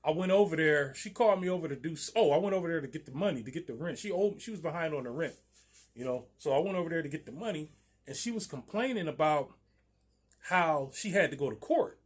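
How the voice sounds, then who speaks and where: A man's voice: on the high side, expressive, quick pace, breathy edge. A man, a landlord, telling a story about a tenant in a loose, slangy way, often laughing. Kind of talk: casual storytime vlog.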